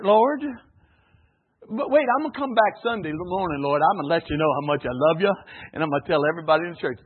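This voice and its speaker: A man preaching a sermon, swinging between loud exclamations and quiet asides, often chuckling. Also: very high-pitched, slightly rough, narrow, tinny audio.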